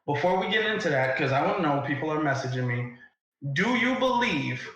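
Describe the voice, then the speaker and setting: A man's voice: on the high side, expressive, fast talker, a bit bright, heavy reverb, low-quality recording. A man hosting a live debate, pressing his points and firing repeated questions. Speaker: live stream host. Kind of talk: heated debate.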